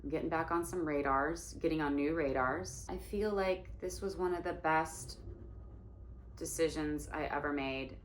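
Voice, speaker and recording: A woman in her forties, an actress and singer, telling a story in an animated way and acting out the voices of the people in it. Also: low voice, normal speed, a little hiss or hum. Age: 40s. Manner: animated, acts out quoted voices. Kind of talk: storytelling monologue. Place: indoor room in New York. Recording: roomy echo.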